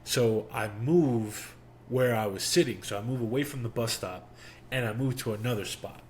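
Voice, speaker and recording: A young man hosting a podcast, telling a personal story in a casual, animated way and acting out the quotes. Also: lowish voice, slight background noise. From Miami. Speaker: podcast host.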